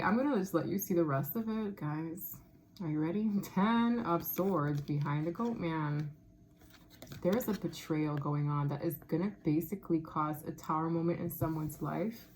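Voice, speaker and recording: A woman with a lower voice talks her way through a tarot spread in a relaxed, casual tone. She muses out loud and breaks into frequent laughs, with a faint hiss in the background. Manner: musing, thinks aloud, laughs often. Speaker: tarot reader. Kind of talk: casual tarot reading monologue.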